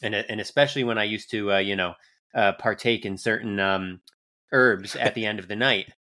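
A man's voice: fairly low pitch, steady tone, moderate pace, sharp tone. A young adult man co-hosting a podcast in casual chat, laid-back and rambling with lots of fillers. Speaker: podcast co-host.

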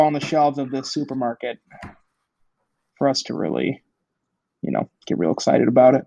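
A man's voice: medium pitch, very animated, normal speed, creaky, long pauses, warm tone, dry recording, poor audio. A young adult man co-hosting a podcast, chatting casually with a hesitant, filler-heavy delivery. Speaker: podcast co-host. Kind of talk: casual chat.

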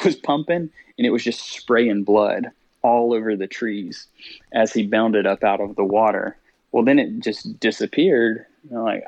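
A man's voice: on the low side, darkish tone, dry recording, muffled recording. A man telling a story as a podcast guest. He laughs often and acts out his own thoughts as he speaks. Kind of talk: storytelling interview.

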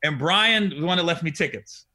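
A man in his forties, a comedian hosting a casual chat, telling animated stories with lots of laughter. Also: a little high, a little fast. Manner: animated, laughing, acts out quotes. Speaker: podcast host, comedian.

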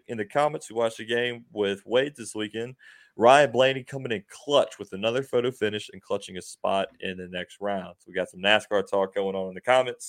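Low-voiced man hosting a sports podcast. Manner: upbeat recapping, laughs often, many fillers. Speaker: podcast host. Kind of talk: casual sports chat.

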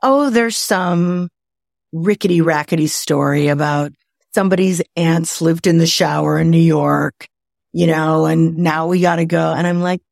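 A woman from the Midwest of the United States, a guest on a video call, telling lively anecdotes and acting out her own inner voice. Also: sits low, moderate pace, gravelly, dry recording, clean studio sound. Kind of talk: conversational storytelling. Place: home, indoors.

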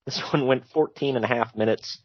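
A man's voice: medium pitch, fairly quick, husky, no echo. A man co-hosting a podcast, casually recapping wrestling with jokey asides and frequent laughs. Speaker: podcast co-host. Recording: dull lo-fi sound.

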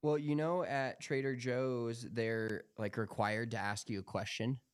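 A man's voice: mid-range voice, fairly even intonation, unhurried, crowd noise. A young man co-hosting a podcast, telling rambling, profanity-laced stories in casual chat. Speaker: podcast co-host.

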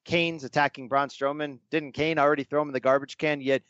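A man co-hosting a casual chat, talking with animated emphasis and throwing out rhetorical questions. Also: fairly high pitch, fairly quick, clear, resonant tone, no echo. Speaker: podcast co-host. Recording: dull, lo-fi dry recording.

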